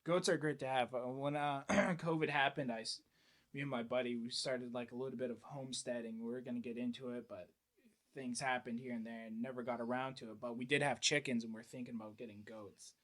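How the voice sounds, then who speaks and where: A man's voice: mid-range voice, steady tone, a little fast, fairly bright tone. A young man chatting casually on a podcast, telling crude stories in a rambling, laid-back way. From United States. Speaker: podcast guest. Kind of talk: casual chat.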